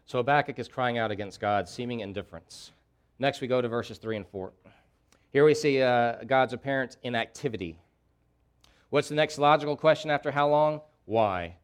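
A man's voice: mid-range voice, moderate pace. A man preaching a sermon, delivering impassioned pleas and repeating key phrases for emphasis. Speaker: pastor.

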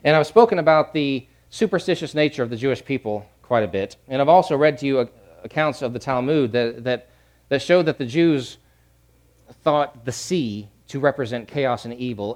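A middle-aged male pastor preaching a sermon, repeating key phrases and swinging from hushed to loud. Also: mid-range voice, fairly quick.

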